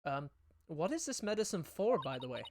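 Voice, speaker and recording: A woman voicing a wry adult male defense lawyer who reacts in a dry, deadpan way, in a fan voice-acted game. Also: fairly low pitch, fairly quick, noisy background.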